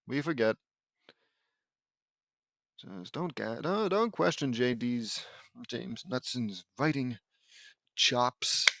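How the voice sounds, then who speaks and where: A man's voice: mid-range voice, dry recording. A man doing a comedic audiobook reading of a fanfic, breaking off into sarcastic, exasperated commentary. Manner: sarcastic, exasperated asides, jumps to loud disbelief. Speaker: host reading and mocking a fanfic.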